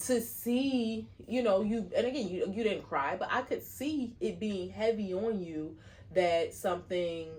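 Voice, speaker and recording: A woman co-hosting a podcast, speaking gently and supportively to her partner, a little halting. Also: medium pitch. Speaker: podcast co-host. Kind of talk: casual chat.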